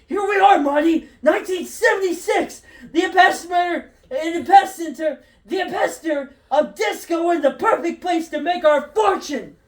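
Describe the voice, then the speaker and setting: A woman voicing an excitable, eccentric old male scientist, loud and shouting, in a roomy recording from a distance. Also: high-pitched, a little slow, pitched above the performer's own voice. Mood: excited. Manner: loud, giddy, shouting exclamations. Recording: roomy echo, distant from mic.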